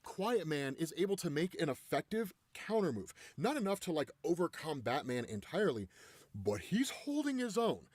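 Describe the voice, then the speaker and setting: A man casually retelling a comic story, animated and often checking in with "right?". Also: fairly high pitch, no echo. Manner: animated, keeps asking "right?". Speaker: story recap host.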